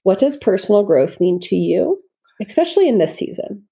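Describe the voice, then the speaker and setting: A woman's voice: mid-range voice, very animated, moderate pace, vocal fry, slightly rough. A woman in her thirties hosting a podcast, talking in person with a friend in a casual, emotional, affirming way. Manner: warm, emotional, affirming with frequent backchannels. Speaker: podcast host. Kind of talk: casual interview chat.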